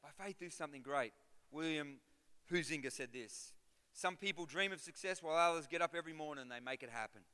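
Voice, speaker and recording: Bright-voiced preacher. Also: male voice, on the high side, fast talker, clear, resonant tone. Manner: builds to loud repeated preaching cries. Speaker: pastor. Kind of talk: sermon with personal story. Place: large church hall. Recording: long hall reverb.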